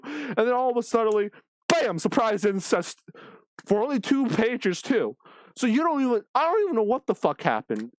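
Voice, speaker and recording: Profane, animated man ranting. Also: very high voice, normal speed, dry recording. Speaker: manga reviewer. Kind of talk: casual ranting review.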